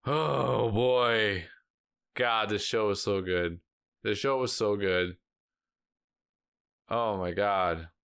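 A man's voice: fairly low pitch, takes it slowly, pauses often, fairly bright tone, smooth. A man talking casually to his viewers as a reaction vlog host, rambling with lots of "like" fillers and emotional sighs and exclamations. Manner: rambling, heavy use of filler "like".

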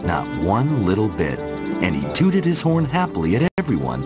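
A man narrating a children's storybook in an expressive, animated way. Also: lowish voice, normal speed. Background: background music.

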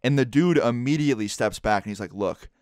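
A young man casually telling a story to his vlog audience, relaxed and chatty with plenty of "like" fillers. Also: mid-range voice, quick pace, dry recording, clean studio sound. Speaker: vlogger.

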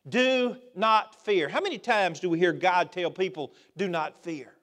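A man preaching a sermon in a church, swinging between loud emphatic outbursts and quiet asides. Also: high voice, lively intonation, moderate pace. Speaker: pastor. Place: church sanctuary.

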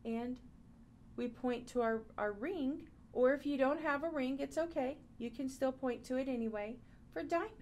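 A woman teaching a preschool Bible class, talking gently and in a sing-song way to small children. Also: high voice, moderate pace, slight background noise.

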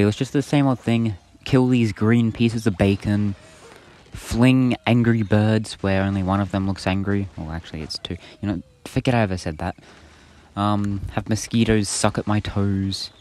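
A man with a low, deep voice talks over his gameplay in a casual, offhand way. His humor is dry and self-mocking, full of deadpan sarcasm about how badly he plays. He sounds like a home video creator chatting loosely to his viewers. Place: indoors with birds outside.

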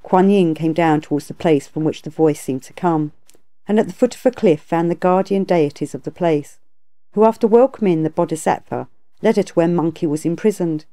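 A woman narrating a classic tale as an audiobook reader, in a steady, even reading. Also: lowish voice, brisk. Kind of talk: scripted storybook narration.

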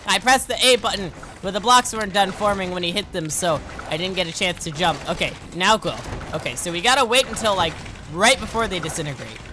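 A man's voice: high-pitched, a little hiss or hum. A young man giving casual let's play commentary, talking himself through tricky jumps and yelping at every failure. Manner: excitable, yelps and shouts at fails; self-talking, rambling asides.

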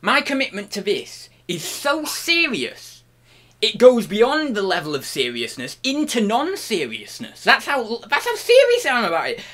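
A man hosting a comic vlog, playful and mock-grandiose, jumping between loud outbursts and hushed murmurs, at times talking while chewing. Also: sits high, wildly swooping pitch, moderate pace. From United Kingdom. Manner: talks while chewing an apple. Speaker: online reseller and channel host.

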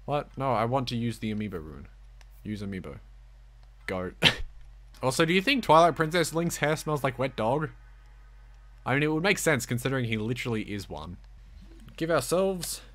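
A man giving rambling, goofy gameplay commentary, baby-talking to the game's wolf and swinging from soft mumbles to loud excited outbursts. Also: mid-range voice, moderate pace, long pauses. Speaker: gameplay streamer.

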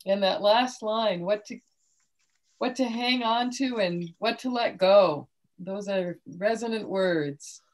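A woman's voice: medium pitch, slow. A woman hosting a poetry event, praising the last reader and introducing the next performer. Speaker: event emcee.

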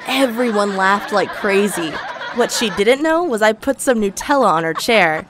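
A woman's voice: medium pitch, animated, normal speed, background noise. A woman narrating a first-person storytime in a gleeful, gossipy way.

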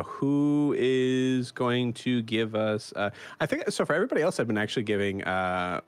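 A man acting as dungeon master, opening a tabletop game session with a rambling, filler-heavy casual manner. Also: lowish voice. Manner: rambling, many fillers and restarts.

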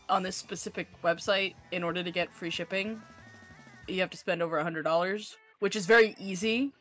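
A woman chatting on a stream, telling stories animatedly and going squeaky when she quotes people. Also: fairly bright tone. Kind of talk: casual chat.

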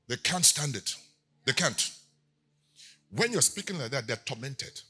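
A man preaching a sermon as pastor, moving between quiet teaching and loud shouted declarations. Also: medium pitch, expressive, measured pace, long pauses, husky.

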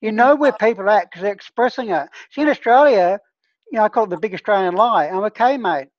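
A woman's voice: mid-range voice, quick pace, no room sound, muffled recording. A woman who trains healers, leading an online discussion group in a casual, earnest teaching tone and often checking in with her listeners.

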